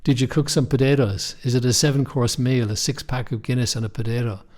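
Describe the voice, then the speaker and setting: A man voicing a pompous, supercilious businessman who talks loudly and heartily, condescending to everyone in an audiobook. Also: mid-range voice, fairly even intonation, fairly quick, lightly acted. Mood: mocking. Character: pompous, supercilious English businessman mocking others.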